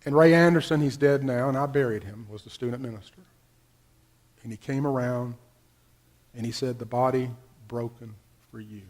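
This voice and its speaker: A middle-aged male pastor preaching a sermon, telling a personal story with wide swings between loud bursts and hushed, near-whispered passages. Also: mid-range voice, steady tone, moderate pace, long pauses.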